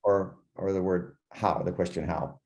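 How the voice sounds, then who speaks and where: Man, very low voice, gravelly, hesitant, halting student. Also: fairly even intonation, darkish tone, highs cut off.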